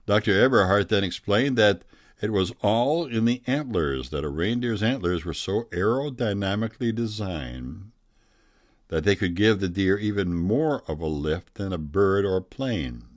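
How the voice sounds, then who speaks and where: Low-voiced male storyteller, deadpan mock-scientific delivery, dry close sound. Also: unhurried, no room sound. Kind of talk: tall-tale reading.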